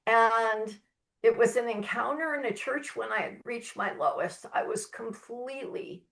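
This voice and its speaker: A woman's voice: a little high, unhurried, gravelly, fairly bright tone. A woman guest on a faith-based podcast, an author and mentor sharing her testimony in an earnest, heartfelt way with emphatic stresses.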